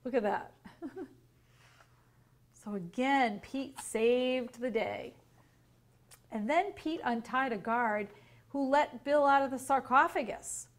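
A woman teacher reading a picture book aloud to young children, gently explaining and asking questions. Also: high voice, slow, long pauses.

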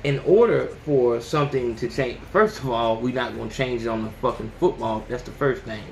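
A man hosting a podcast, ranting casually and with plenty of profanity, who often jumps into high yelling voices to mimic people. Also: fairly quick, creaky, roomy sound, slight background noise. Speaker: podcast host. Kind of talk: casual opinion rant.

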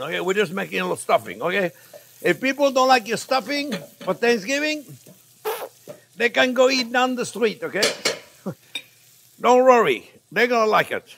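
A man hosting a casual cooking demonstration as a chef. He talks in an animated way, repeats phrases, chuckles, and calls his viewers friends. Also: high-pitched, slight background noise. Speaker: chef, cooking show host.

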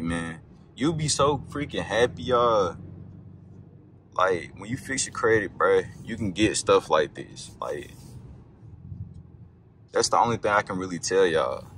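A lowish male voice sounds pushed and bright. The speaker, a young car vlogger, films himself on a night drive, chatting in a loose, rambling way, swearing, and yelping abruptly at bumps, with faint car noise in the background.

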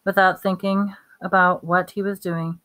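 A woman reading a novel aloud at a steady pace, with small slips and restarts. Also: on the low side, a little slow. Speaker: reader.

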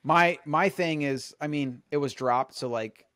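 A man's voice: on the high side, measured pace, a bit bright, no echo, clean studio sound. A man hosting a podcast, telling stories in a boastful, rambling way, full of restarts. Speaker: podcast host. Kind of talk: casual chat.

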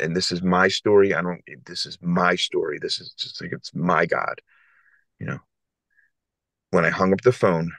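A man in his forties from South Philadelphia, a podcast guest telling an emotional personal story in an earnest, halting way with many restarts. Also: deep voice, a bit bright, dry recording. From South Philadelphia, USA. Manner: earnest, halting, repeats himself.

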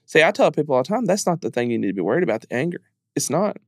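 A man's voice: a little high, sing-song, racing, no room sound, studio quality. A man speaking as a podcast guest in a candid interview, earnest and emphatic, repeating phrases as he talks openly about grief.

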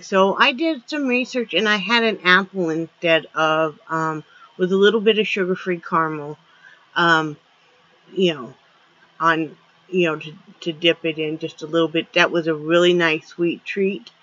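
A woman's voice: on the low side, fairly bright tone, lo-fi sound. A woman chatting casually in a rambling home vlog, with lots of fillers. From Florida. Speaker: vlogger. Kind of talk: casual daily vlog chat.

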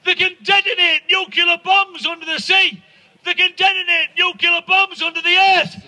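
Male comic, outdoor crowd set; sharp, piercing, loud ranting delivery. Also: very high voice, little pitch movement, moderate pace, poor audio. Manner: loud, ranting, profane, shouting punchlines. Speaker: stand-up comedian. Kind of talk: stand-up rant to an outdoor crowd. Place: outdoors at a protest gathering.

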